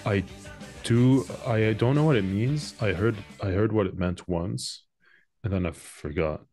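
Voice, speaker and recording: A man's voice: fairly low pitch, moderate pace, a little mellow, faint music behind. A man as a guest in a comedic interview, laid-back and playing along with dry jokes. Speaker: guest guitarist.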